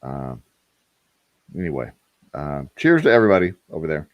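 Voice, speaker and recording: A man's voice: very deep voice, wildly swooping pitch, moderate pace, no room sound, lo-fi sound. A man, hosting a casual distillery livestream and chatting to viewers with rambling, joking asides. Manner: rambling, talks to chat, self-deprecating jokes.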